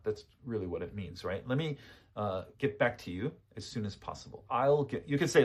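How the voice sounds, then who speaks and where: This English teacher speaks in a mid-range voice that's husky and a bit breathy, guiding his class through an informal spoken lesson. He goes along patiently, saying every example sentence twice before confirming with a brisk "okay?"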